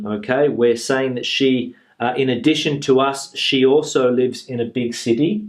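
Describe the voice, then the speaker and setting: A man teaching a grammar lesson, explaining slowly and patiently and repeating each example sentence. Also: medium pitch, fairly even intonation. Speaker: English teacher.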